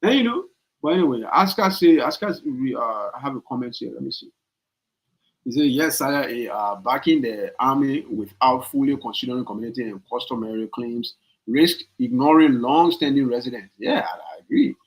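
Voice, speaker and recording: A man's voice: moderate pace, low-quality recording. A man, hosting a political opinion podcast and pressing his points with emphatic repetition. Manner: swings from low, calm reading to loud, high-pitched urging. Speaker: podcast host. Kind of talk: political opinion commentary on a live stream.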